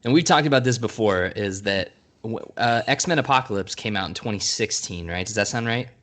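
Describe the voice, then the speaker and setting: Male podcast co-host, low voice, loose and rambling review talk. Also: lively intonation, a little fast, fairly bright tone. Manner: rambling, laughs often, restarts. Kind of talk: casual film review chat.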